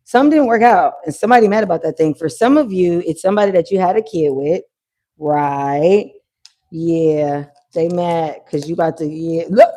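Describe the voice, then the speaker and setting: A woman hosting a live tarot reading, talking in an animated, slangy way with swearing and bursts of laughter. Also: lowish voice. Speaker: tarot reader. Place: at home near a pool, kids heard.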